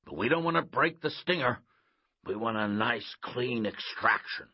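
A man voicing a loud, brusque middle-aged gym coach in a storybook reading, slightly muffled recording. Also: medium pitch, lively intonation, normal speed, husky, no room sound, voice pushed up. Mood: matter-of-fact. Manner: barking, brusque.

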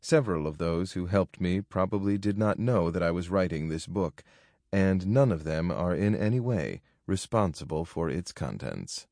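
A man reading a nonfiction book aloud in a measured, formal narration. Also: sits low, lively intonation, darkish tone, dry recording, clean studio sound. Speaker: audiobook narrator.

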